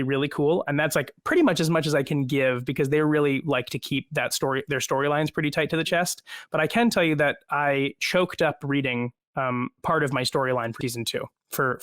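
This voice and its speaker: A man's voice: a little high, a bit bright, dry recording. A man with a slightly raised voice talks loosely from home over a video call, laughing easily and poking fun at himself. The sound is close and dry, with no room around him. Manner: chatty, self-deprecating, laughs often. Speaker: guest actor. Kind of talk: casual video-call interview.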